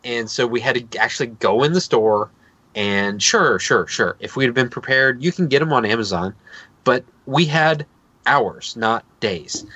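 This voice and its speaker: A man's voice: mid-range voice, normal speed, husky, no room sound, lo-fi sound. A man in his thirties co-hosting a podcast, telling a long, rambling anecdote in a casual chat. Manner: rambling, animated anecdote with laughs and quoted voices. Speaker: podcast co-host.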